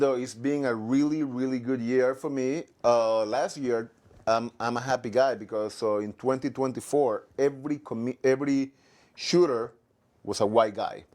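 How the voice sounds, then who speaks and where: A man's voice: medium pitch, a little mellow. A man talking about his life as a comedian, then doing a stand-up set, with frequent restarts and fillers. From Latino background. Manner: halting, many restarts and fillers. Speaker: comedian guest. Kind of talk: casual chat and stand-up set.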